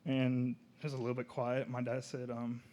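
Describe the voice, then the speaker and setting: A man's voice: mid-range voice, monotone, muffled recording. Young man telling his story. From Oklahoma. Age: young adult. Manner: casual, halting, soft-spoken at moments. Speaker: student speaker. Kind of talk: personal testimony storytelling.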